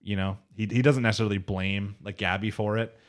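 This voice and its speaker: Guy with a lowish voice recapping an anime ep, rambly, swears a bit. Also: steady tone, a little fast. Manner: rambling, loose, swears casually. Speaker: podcast co-host. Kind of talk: casual chat, recapping an anime episode.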